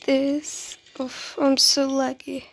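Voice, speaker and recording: Gushing high-voiced woman gaming vlogger. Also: level tone, takes it slowly, gravelly. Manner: gushing, repeats exclamations. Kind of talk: excited game commentary. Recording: music playing under the voice.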